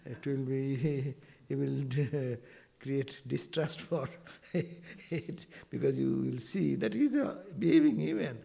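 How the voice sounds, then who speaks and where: A man giving an informal spiritual talk to devotees, animated and full of rhetorical asides. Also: fairly high pitch, vocal fry. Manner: animated, rhetorical asides, quotes Sanskrit verses.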